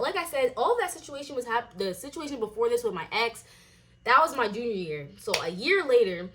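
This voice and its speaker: A young woman telling a storytime vlog as a casual rant, swearing and acting out quoted lines in a higher voice. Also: a bit bright. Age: young adult.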